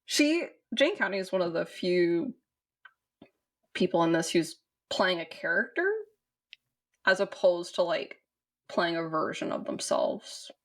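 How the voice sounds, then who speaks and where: A woman co-hosting a podcast, her voice low with a lot of vocal fry. She chats casually and rambles, with plenty of fillers and restarts. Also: expressive, unhurried, long pauses, fairly bright tone. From southern United States. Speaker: podcast co-host. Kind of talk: casual chat about a film.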